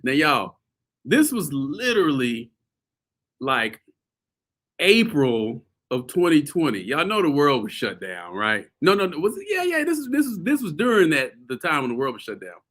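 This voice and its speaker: A man hosting a show, telling a story casually to his viewers, animated and laughing often. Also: mid-range voice, a little slow. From US South. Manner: animated, laughing often, addresses audience as y'all. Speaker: host.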